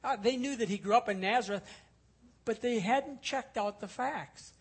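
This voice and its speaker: A man's voice: very high voice, moderate pace, slightly rough. A male pastor teaching a sermon, explaining scripture earnestly and repeating key points for emphasis. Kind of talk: expository sermon.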